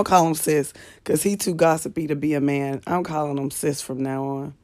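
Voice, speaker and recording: Woman, very low slightly manly voice, comedian host, rambling profane late-night rant, lying in bed, phone mic. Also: steady tone, fairly quick, gravelly, hardly any pauses, a little mellow. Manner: profane, ranting, chatty. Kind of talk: casual late-night live chat. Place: bedroom in apartment at night, lying in the dark.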